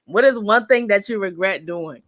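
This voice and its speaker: A young woman co-hosting a casual group chat, telling a story in an animated, slangy way with frequent laughter. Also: medium pitch, moderate pace. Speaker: co-host.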